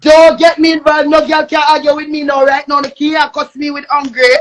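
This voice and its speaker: A young woman with a Jamaican accent ranting angrily on a live stream, cursing and shouting. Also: sits high, flat delivery, brisk. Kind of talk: angry live-stream rant.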